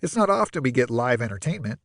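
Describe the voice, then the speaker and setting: A man's voice: medium pitch, very animated, quick pace, no room sound, clean studio sound. A man voicing a nasal, cheapskate male care-home manager who speaks politely and ingratiatingly.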